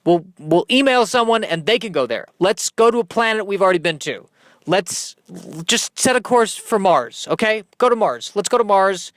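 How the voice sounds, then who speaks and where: A man's voice: sits high, lively intonation, normal speed, fairly bright tone, no room sound. A man playing a flustered, fretful starship captain in a comedy audio sketch, stammering and apologizing as he dithers. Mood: sheepish.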